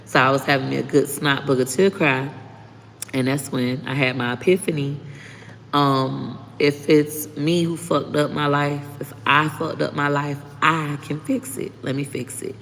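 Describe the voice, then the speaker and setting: Gravelly-voiced woman live-streaming to fans. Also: low-pitched, level tone, unhurried, a bit bright. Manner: candid, blunt, swears freely, thanks viewers often. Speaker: livestreaming content creator. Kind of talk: casual live-stream chat reading comments. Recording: reverberant room with faint background noise.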